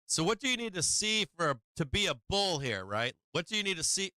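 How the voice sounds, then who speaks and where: A man's voice: sits high, sing-song, brisk, hardly any pauses, pushed and bright, no room sound. A man hosting a live stock market stream, walking through charts and asking viewers rhetorical questions. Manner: rhetorical questions to viewers, chats to his cat. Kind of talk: live trading commentary.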